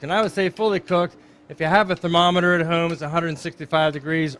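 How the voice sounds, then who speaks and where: A middle-aged chef with a fairly high voice gives a live cooking demonstration at a dinner event, with slight background noise. Upbeat and chatty, he explains each step as he goes.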